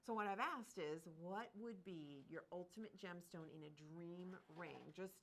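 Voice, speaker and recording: A woman hosting a live shopping stream, bubbly and quick to laugh, with lively sales patter. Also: lowish voice. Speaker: shopping channel host.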